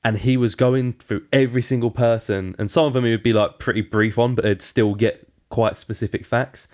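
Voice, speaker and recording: A man's voice: mid-range voice, fairly even intonation, fairly quick, a little mellow. A man co-hosting a podcast, telling a laid-back story, swearing and acting out quotes. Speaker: podcast co-host. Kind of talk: casual chat.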